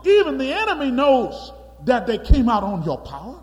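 Preacher guy doing moses begging god, urgent, high voice, big hall reverb. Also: sing-song, measured pace, darkish tone. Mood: pleading. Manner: pleading, urgent. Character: Moses, an earnest man pleading with God.

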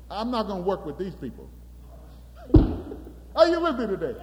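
Preacher man, animated and emphatic, high lively voice, long hall echo. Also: unhurried, pauses often. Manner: animated, emphatic, calls out to congregation. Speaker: pastor. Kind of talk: sermon.

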